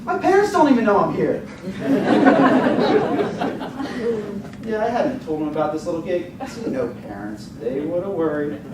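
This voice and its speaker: Male contest speaker, dramatic storytelling, expressive, distant mic, noisy room. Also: sits high, a little slow, pauses often, echoey room, over a noisy crowd. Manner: vivid, expressive storytelling with rising excitement. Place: contest hall stage.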